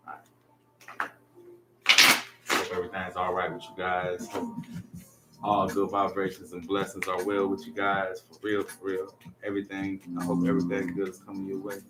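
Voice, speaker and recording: A man giving a casual tarot reading to camera, talking in a laid-back, slangy, rambling way. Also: sits low. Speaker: tarot reader. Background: lo-fi music playlist.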